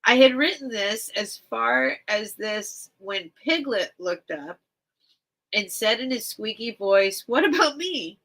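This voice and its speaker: Lady streamer reading a kids book out loud, kinda teary, rambly, lots of "like". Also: mid-range voice, slow pace, gravelly, rough recording. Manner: rambling, chatty, heavy on "like" fillers. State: teary, on the verge of crying. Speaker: livestream seller. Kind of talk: casual livestream chat and reading aloud.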